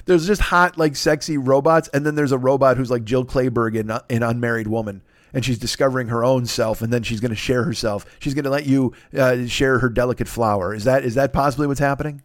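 A man rambles through a comedic anecdote on his podcast, swearing freely and doubling back on himself. His voice sits at an ordinary middle pitch. The sound is dry and close, with no room echo. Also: a little fast, few pauses. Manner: profane, rambling, animated, with frequent restarts. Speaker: podcast host.

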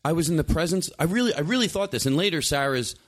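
A man hosting a podcast, telling stories in a rambling, animated way with lots of restarts. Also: fairly high pitch, quick pace. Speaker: podcast host. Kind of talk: casual storytelling chat.

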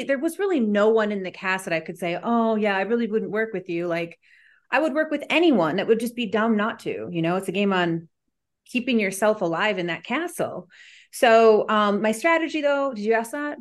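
A woman reality show contestant answering interview questions, telling stories animatedly and acting out quoted lines. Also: a little high. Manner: animated, quick-paced storytelling with quoted dialogue.

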